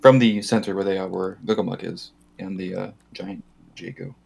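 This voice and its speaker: A man's voice: sits low, steady tone, normal speed, gravelly, husky. A man playing a tabletop game, thinking aloud and asking questions in casual talk. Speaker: player.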